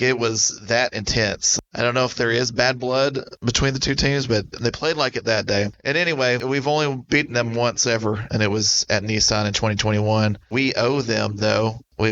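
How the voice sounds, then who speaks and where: A man's voice: medium pitch, fairly even intonation, moderate pace, few pauses, a bit bright. Man, casual podcast chat, dull lo-fi recording. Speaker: podcast co-host.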